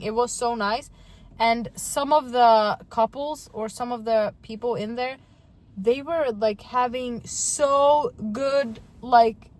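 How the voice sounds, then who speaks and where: A woman vlogger chatting casually while driving, swearing freely and filling her talk with "like". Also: on the high side. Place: inside a car. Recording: loud car road noise.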